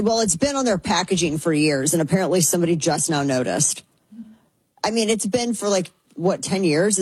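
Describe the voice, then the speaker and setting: A woman's voice: lowish voice, slightly rough, no room sound, rough recording. A woman hosting a talk show in a chatty, sarcastic way, often slipping into mocking voices. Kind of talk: casual commentary.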